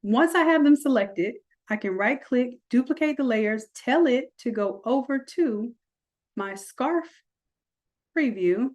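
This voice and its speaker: A woman walking through a software design tutorial, chatty, with folksy asides. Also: on the high side, lively intonation, slow, dull audio. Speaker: design instructor. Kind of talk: screen-recorded software tutorial.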